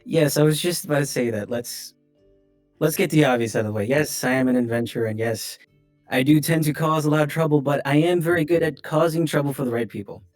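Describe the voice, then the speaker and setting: A man playing a confident, smooth-talking adventurer who speaks politely and persuasively, in a tabletop game. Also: a little high, quick pace, soft background music, pitched above the performer's own voice, lightly acted.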